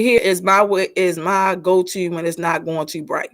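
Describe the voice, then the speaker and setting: A woman's voice: on the low side, steady tone, normal speed, hardly any pauses. Candid woman hosting a video call. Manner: candid, chatty, talks straight to the group. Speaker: host leading a leadership session. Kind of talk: casual presentation on a video call.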